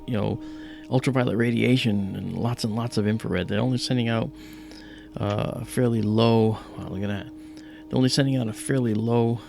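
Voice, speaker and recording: A man's voice: medium pitch, steady tone, moderate pace, gravelly, darkish tone, faint music behind. A man hosting an astronomy livestream, explaining casually with many fillers and restarts.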